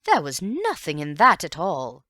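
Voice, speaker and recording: For this audiobook character, a self-important, gossiping middle-aged society mother who gushes and bristles with indignation, the woman pushes up a fairly low, fairly bright voice. Pitch swoops wildly at normal speed, the tone emphatic. It's a dry, studio-quality recording.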